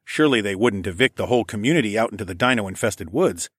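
A man narrating an audiobook in the first person, in a calm, even, low-key way. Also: quick pace, breathy edge, no room sound, studio quality.

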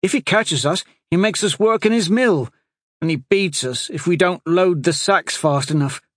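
A man voicing a frightened ten-year-old street boy who pleads in a high, tearful voice. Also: moderate pace, fairly bright tone, no room sound, studio quality. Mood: wary.

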